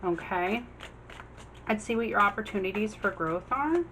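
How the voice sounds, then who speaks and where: A woman giving a casual general tarot reading, chatty, acting out the figures on the cards in quick quoted voices. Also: medium pitch, expressive, fairly bright tone, slight background noise, low-quality recording. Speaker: tarot reader.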